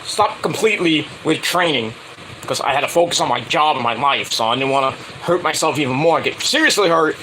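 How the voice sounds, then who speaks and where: A man's voice: on the high side, expressive, brisk, pushed and bright, slight background noise, rough recording. A middle-aged man telling a rambling casual story, full of filler words and restarts, acting out the lines he quotes. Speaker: wrestling show reviewer.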